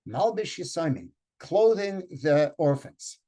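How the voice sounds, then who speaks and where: A man's voice: on the high side, sing-song, unhurried, mellow. An older man leading a community reading, who reads Yiddish lines and explains words step by step in an informal lecture, thinking aloud with fillers. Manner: switches between English and read Yiddish lines.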